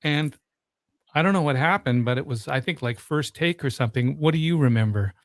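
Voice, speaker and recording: A man hosting an interview, telling a story in a relaxed, rambling way. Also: on the high side, fairly quick, no echo, clean studio sound. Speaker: host. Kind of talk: conversational interview.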